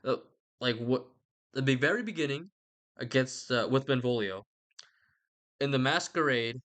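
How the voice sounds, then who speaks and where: A man's voice: medium pitch, animated, moderate pace, a bit bright. A man giving a rambling, sweary comic retelling with lots of asides. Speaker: vlogger.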